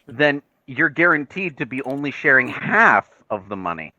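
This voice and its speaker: Male player, lively pitch, bright tone, lawyerly arguing, dull dry sound. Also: normal speed, dry recording. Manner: argumentative, lawyerly reasoning. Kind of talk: playing a tabletop game.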